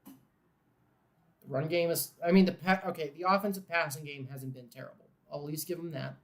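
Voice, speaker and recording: Male watchalong host, a bit higher-pitched, frustrated fan who turns into an eager play-by-play caller. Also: normal speed. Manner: frustrated fan grumbling, swearing, bursts of excitement on big plays. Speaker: host of a live game watchalong. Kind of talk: casual live game commentary.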